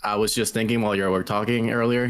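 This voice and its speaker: A man calling in to a podcast over a remote connection. He speaks in a low voice, loose and relaxed, and pauses often to find his words. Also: clear, resonant tone. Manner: relaxed, many likes and pauses. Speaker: caller. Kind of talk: casual chat. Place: remote call.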